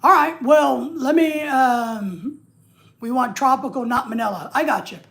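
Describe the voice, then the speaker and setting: Speaking unhurriedly with vocal fry, this American livestream host has a very high-pitched, slightly bright voice. He chats loosely, reading out viewer comments with a joking, rambling manner and frequent restarts.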